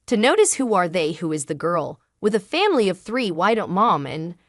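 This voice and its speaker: Woman, dramatic first-person story narration, lively pitch, dry close sound. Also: brisk, no room sound.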